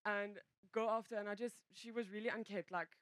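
A woman sharing a personal testimony in a church, talking in loose, self-interrupting runs full of fillers. Her voice sits in an ordinary middle pitch. The sound is dry and close, with almost no room echo. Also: fairly even intonation, fairly quick. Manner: rambling, self-interrupting storyteller, many fillers. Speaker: church member giving a testimony.

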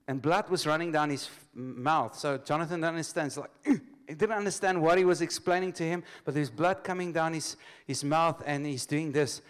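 A man's voice: on the high side, moderate pace, clean tone. A man preaching a sermon to a church congregation. He leads call-and-response, tells stories with loose restarts and laughs often.

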